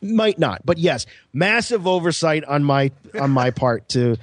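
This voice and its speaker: A man's voice: fairly high pitch, expressive, a little slow, no echo. Thoughtful man musing, dry studio sound. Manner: thoughtful, rambling speculation with many fillers. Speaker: podcast co-host. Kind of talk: casual podcast chat.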